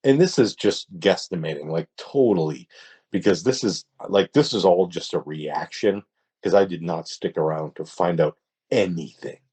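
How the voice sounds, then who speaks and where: A man, a podcast guest, tells a story in a casual, halting way, often restarting his sentences. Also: sits low, dark tone, husky. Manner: hesitant, halting, with many restarts.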